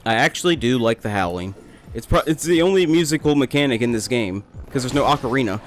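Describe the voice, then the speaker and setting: A man's voice: mid-range voice, lively intonation, fast, a little hiss or hum. A young man casually commentating his gameplay, rambling, joking and talking to the characters on screen. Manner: rambling, joking, talks to the game. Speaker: let's play host.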